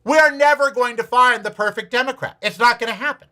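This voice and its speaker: High, bright-voiced man ranting. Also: fast talker. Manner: profane, sarcastic, repetitive challenges. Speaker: podcast host. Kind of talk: ranting political talk.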